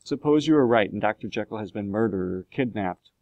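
A man's voice: on the low side, animated, brisk, no room sound, muffled recording. A man doing a wary, shaken lawyer. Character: cautious, shaken male lawyer.

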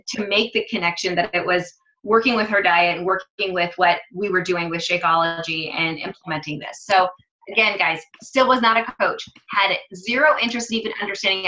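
A woman who works as a fitness and nutrition coach, telling a story in a chatty, animated way. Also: medium pitch, fairly quick, echoey room, muffled recording. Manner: chatty, animated, acts out quoted dialogue. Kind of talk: casual storytelling vlog.

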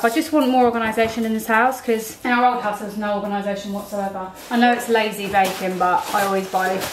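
A pregnant woman chats candidly to her camera while she gets on with her day at home. Her voice sits a little high, and the room is echoey. Clear household noise runs under her talk. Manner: chatty and candid, talks to a toddler in between. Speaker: vlogger. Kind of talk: casual chat to camera. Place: home, in a kitchen.

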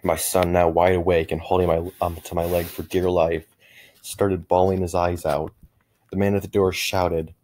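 A middle-aged man narrating a first-person horror story in a measured way, with frequent small restarts. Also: sits low, level tone, darkish tone.

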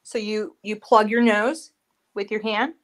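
A woman's voice: mid-range voice, measured pace. A woman co-hosting a casual live-stream chat, lisping from her retainers and teasing. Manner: animated, teasing. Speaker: co-host.

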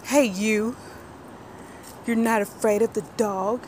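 Woman vlogger, high lively voice, unhurried, playful mom filming outdoors with faint background noise. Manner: animated, teasing, talks to viewers. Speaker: mother filming her child. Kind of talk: playful family vlog narration. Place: outdoors near woods.

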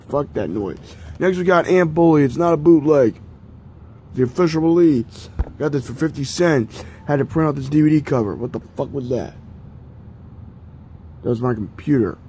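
This young collector has a medium-pitched, mellow male voice, recorded with slight background noise. In his laid-back vlog he wanders from one DVD to the next, cursing freely and mocking himself along the way.

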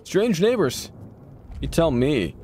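A man's voice: on the high side, sing-song, slow pace, dark tone, slight background noise. A man streaming a horror game, reacting to scares, swearing at the game and talking back to what he sees on screen. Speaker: gaming streamer. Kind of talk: horror game let's play commentary.

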